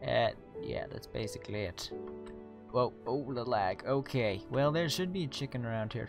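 A gaming video host chatting through a let's-play, excitable and rambling with restarts, tired. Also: mid-range voice, moderate pace, creaky, over music. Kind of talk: casual let's-play commentary.

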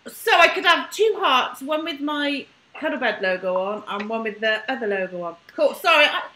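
High, lively, excitable woman. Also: moderate pace. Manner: excitable, exclamatory, playful. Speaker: co-host. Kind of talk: casual chat.

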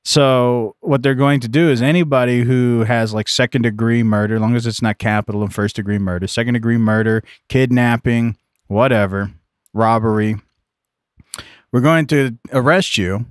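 A man's voice: mid-range voice, steady tone, moderate pace, clear, resonant tone, dry recording, clean studio sound. A man co-hosting a casual podcast, explaining current events at length with joking asides. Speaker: podcast co-host.

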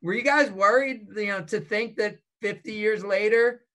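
A man's voice: high-pitched, moderate pace, pushed and bright. A man co-hosting an interview, asking rambling questions peppered with fillers. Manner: rambling questions full of "like" and "you know". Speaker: co-host. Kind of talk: casual interview.

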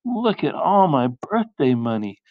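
A man voicing a stubborn young girl, drawing her wishes out slowly in a sing-song way. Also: fairly high pitch, very animated, phone-quality sound. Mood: gleeful.

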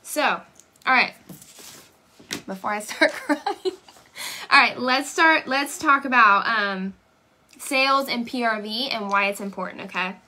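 Young woman, team leader, live-stream pep talk; bright, slightly high voice, emphatic and repetitive. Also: moderate pace. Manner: emphatic, repeats "okay?" and "right?". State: tearing up. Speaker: direct sales team leader.

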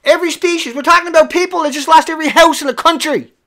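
A livestream host delivering an angry, profane rant at viewers, dropping to low muttering and then rising to yelling. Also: racing.

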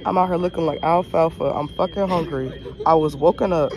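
A woman's voice: sits low, a little fast, a little mellow. A young woman, a college student, vlogging on her phone with a blunt, profane, exasperated rant. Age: young adult. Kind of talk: casual vlog rant. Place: around campus, partly outdoors. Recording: noisy with passing traffic.

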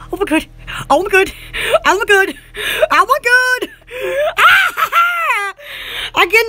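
A young woman rambling through a casual vlog, excitable and giggly, her thoughts scattered. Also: extremely high pitch. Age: young adult. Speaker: channel host.

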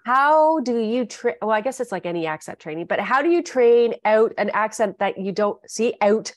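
A woman's voice: on the high side, expressive, moderate pace, dry recording. Chatty Canadian woman interviewer. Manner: chatty, digressive, breaks off mid-sentence. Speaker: interview host. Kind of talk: casual interview chat.

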